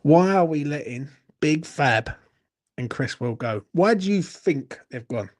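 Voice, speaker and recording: A man's voice: on the high side, lively intonation, a little slow. A man hosting a late-night fan Q&A, tipsy, swearing and ranting with laughing banter. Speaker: fan channel host. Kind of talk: late-night live Q&A chat.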